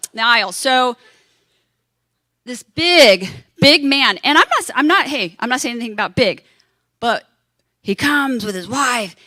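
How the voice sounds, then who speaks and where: Animated woman telling a story. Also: high-pitched, no room sound, studio quality. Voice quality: animated, acts out quoted voices. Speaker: panel speaker. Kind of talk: convention panel storytelling. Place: convention panel room.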